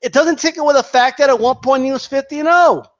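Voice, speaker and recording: A man's voice: very high voice, fast talker, a bit bright, dull audio. A man giving heated, profane boxing commentary, restarting his sentences often as he rants. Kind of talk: ranting commentary vlog.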